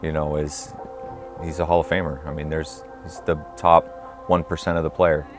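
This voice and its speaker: A man with an extremely deep, flat voice reflects on an old teammate in an interview. He talks haltingly and leans on fillers, with music playing under his words. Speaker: former teammate.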